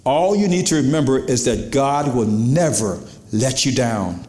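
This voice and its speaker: A man preaching a sermon as pastor, animated, swinging from low emphatic lines to high exclamations. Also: measured pace, reverberant.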